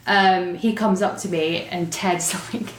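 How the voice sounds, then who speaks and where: A young English woman telling her recovery story as a guest, animated, with fillers and laughs. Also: fairly low pitch, slow pace. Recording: roomy echo.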